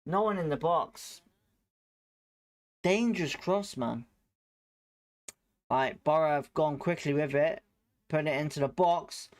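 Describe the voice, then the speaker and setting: Calling a football match live for his watchalong audience, this host reacts with excitement and greets viewers in chat by name between plays. He speaks a little high, in an unhurried way with long pauses.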